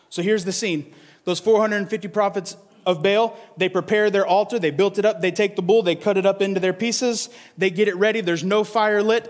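A male pastor with a fairly high voice preaches a casual, animated sermon from scripture. He keeps checking in with his listeners by asking "right?". His voice carries a long reverb, as in a large hall.

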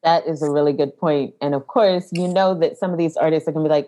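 A woman's voice: deep voice, fairly even intonation, quick pace, mellow, rough recording. A woman co-hosting a podcast in casual chat, upbeat and giggly while giving practical advice. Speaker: podcast co-host.

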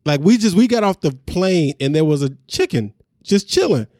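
A man's voice: high-pitched, big pitch swings, normal speed, a little mellow, no room sound, studio quality. A man co-hosting a podcast, casually recapping a reality show episode in a laid-back, chatty way. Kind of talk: casual chat.

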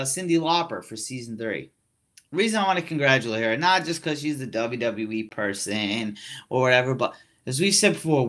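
A man's voice: medium pitch, a bit bright. A young man hosting a casual wrestling chat podcast, laid-back and self-mocking, rambling with lots of fillers. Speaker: podcast host.

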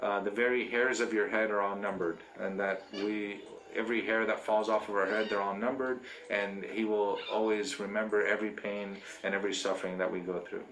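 Lowish-voiced priest preaching in echoey church. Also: male voice, level tone, fairly quick, hardly any pauses, a bit bright, slight background noise. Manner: unscripted, with frequent fillers and restarts. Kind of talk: sermon.

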